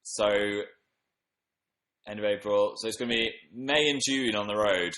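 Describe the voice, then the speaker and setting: A man's voice: fairly low pitch, normal speed, bright, forceful tone, reverberant, low-quality recording. Sleepy man livestreaming from home. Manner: sleepy, chatty, upbeat bursts. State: tired from staying up late. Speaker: livestream host. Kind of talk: casual livestream chat reading comments. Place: room at home.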